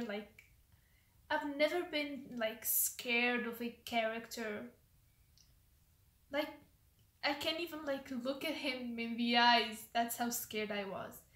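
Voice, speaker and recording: A woman's voice: on the high side, a bit bright. A woman hosting a reaction video, rambling casually with lots of "like" and trailing off mid-sentence. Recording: roomy echo.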